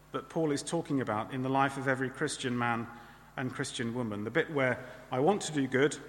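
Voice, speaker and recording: Male preacher, chatty sermon, bright voice, long hall reverb. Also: fairly high pitch. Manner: conversational, with frequent tag questions.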